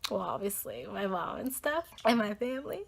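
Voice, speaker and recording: A woman's voice: medium pitch, big pitch swings, normal speed, creaky. A young American woman hosting her own podcast, telling a heartfelt personal story in a rambling, earnest way full of "like" and "um". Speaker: podcast host.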